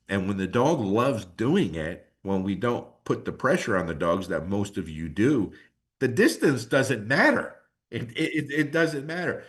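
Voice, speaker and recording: Man, middle-aged, somewhat low voice, podcast guest, emotional, animated, casual talk. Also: unhurried. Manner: casual, slangy. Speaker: guest dog trainer. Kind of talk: podcast conversation.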